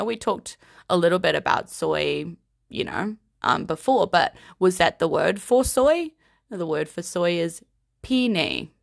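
Slow, giggly woman with a creaky voice. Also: on the low side, fairly bright tone, no room sound, studio quality. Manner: playful, giggly, unhurried. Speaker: language teacher. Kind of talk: casual vocabulary lesson.

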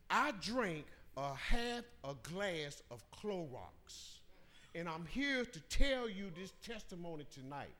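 A man standing up in a church service to give his testimony, speaking emphatically and building toward shouting. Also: high-pitched. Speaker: church member giving testimony.

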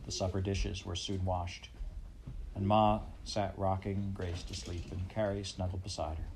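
A man narrating a storybook at a measured, even pace. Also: deep voice, a little hiss or hum. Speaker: audiobook narrator.

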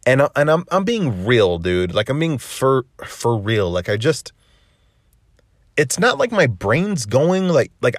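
A man hosting a casual solo podcast, rambling and swearing freely and tossing in "dude" every few lines. His pitch jumps all over the place, sliding up and down as he talks, and he sounds close and dry with no room sound. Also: dry recording. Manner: rambling and profane, with constant "dude" and restarts; lively, swinging pitch up and down. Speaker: podcast host.

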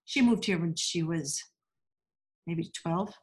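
Casting: woman, slightly low voice, chatty storyteller with frequent restarts, relaxed conversational feel. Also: slow. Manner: chatty storyteller, warm laughs, many restarts. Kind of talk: casual chat.

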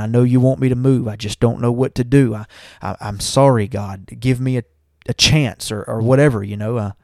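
A man's voice: medium pitch, gravelly, darkish tone, no room sound, studio quality. Earnest man telling his testimony. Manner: earnest storytelling, addressing listeners as y'all. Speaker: church member giving testimony. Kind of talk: personal testimony.

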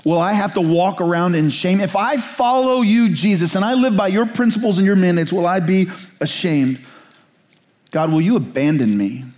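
Impassioned male pastor, lively pitch. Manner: impassioned, swinging from slow pleading questions to quick asides. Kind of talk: sermon.

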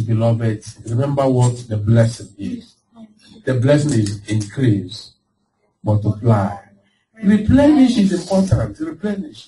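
A man preaching a lively sermon, laughing and slipping into the voices of the people in his stories. His voice sits a little high. The mic is some way off, with a faint hiss behind him. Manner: animated, laughing, acting out quoted voices. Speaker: pastor. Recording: distant mic with faint background noise.

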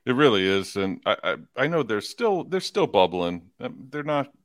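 A man's voice: medium pitch, sing-song, moderate pace, no room sound. A man co-hosting a casual sports talk podcast, rambling, stammering and firing off rhetorical questions. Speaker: podcast co-host.

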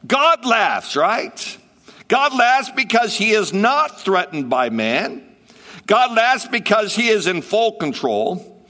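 Pastor guy preaching, bright high voice, lots of repeating and asking questions, echoey hall. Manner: emphatic preaching with repetition and rhetorical questions. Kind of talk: sermon.

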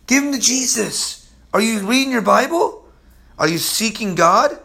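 A man preaching a sermon as pastor, emphatic and streetwise, swinging from loud calls to low, quiet murmurs. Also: lively intonation, normal speed, vocal fry, husky.

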